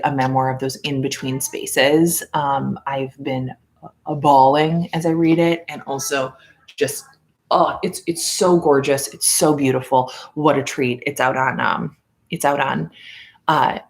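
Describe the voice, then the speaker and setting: Podcast host, woman, low pitch, loose rambling chat, filler-heavy. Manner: rambling, many fillers and restarts; mimics others in a higher voice when quoting. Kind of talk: casual livestream chat.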